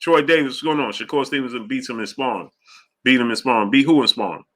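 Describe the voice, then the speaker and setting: A man hosting a casual boxing livestream, rambling loosely between fan shout-outs and fight talk. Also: medium pitch, fast talker. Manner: loose, rambling, drifts off track. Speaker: host of a live boxing show. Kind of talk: casual livestream chat reading super chats.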